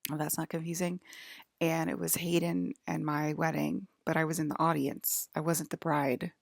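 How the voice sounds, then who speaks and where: Anxious woman vlogger, low and heavily fried, wandering talk, dry close sound. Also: little pitch movement, normal speed, vocal fry, no room sound. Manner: hesitant, full of fillers and restarts. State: jittery and anxious. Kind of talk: rambling personal monologue.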